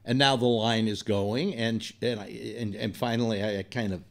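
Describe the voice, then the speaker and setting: An older man hosting a radio talk show tells a rambling personal story in a blunt, profane, exasperated way. His voice is lowish and steady, at normal speed with few pauses.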